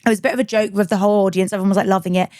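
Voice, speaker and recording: A young adult woman, a guest comedian in casual podcast chat, telling a lively story and acting out the dialogue. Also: mid-range voice, rapid-fire, no room sound, clean studio sound.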